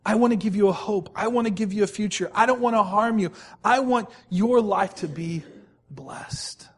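A man preaching a sermon as pastor, emphatic and repetitive, slowing down to stress key words and questioning the congregation directly. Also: sits high, fairly even intonation, a bit bright, breathy edge. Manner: emphatic, repeats phrases, slows right down to stress key words.

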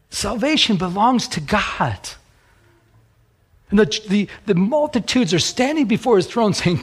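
A man's voice: extremely high pitch, animated, moderate pace, fairly bright tone, slightly rough. A man preaching a sermon as a pastor, rambling and often repeating words as he restarts.

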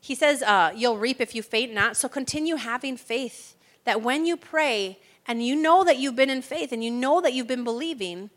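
Woman preacher, bright higher voice, emphatic sermon delivery. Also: moderate pace. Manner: emphatic, preacherly, asks for agreement.

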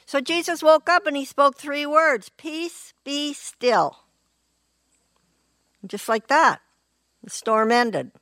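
A woman preaching a sermon in an earnest, unhurried way, often clearing her throat. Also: sits high, expressive, sharp tone, no room sound.

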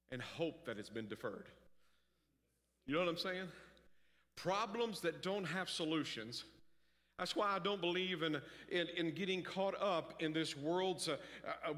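A man's voice: high-pitched, a bit bright, long reverb tail. A man preaching a sermon in a conversational way, with joking asides and acted-out quotes.

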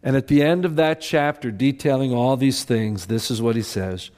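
Male pastor, mid-pitched, earnest and emphatic sermon delivery that sometimes goes quiet. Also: moderate pace.

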